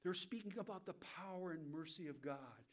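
A man's voice: on the high side, expressive, normal speed. An American man teaching verse by verse from the Bible, asking his listeners questions and answering them himself, with frequent "okay?" checks. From United States. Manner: keeps checking in with "okay?" and "all right?".

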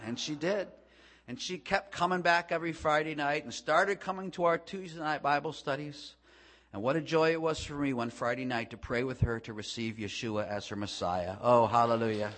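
A male preacher giving a sermon to a congregation, impassioned and swelling to loud climaxes before dropping to soft, quiet stretches. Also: on the high side. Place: room with a congregation.

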